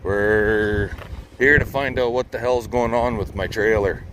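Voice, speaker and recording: A man's voice: fairly low pitch, fairly even intonation, a little slow. A farmer vlogging casually from a moving vehicle, blunt and salty, swearing freely as he chats to his viewers. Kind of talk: casual on-the-road vlog. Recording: loud road noise in a vehicle.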